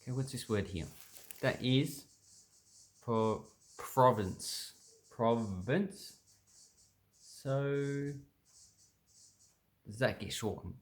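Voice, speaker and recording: An Australian man casually explaining words from a dictionary, thinking aloud with many pauses and restarts. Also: medium pitch. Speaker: language vlogger.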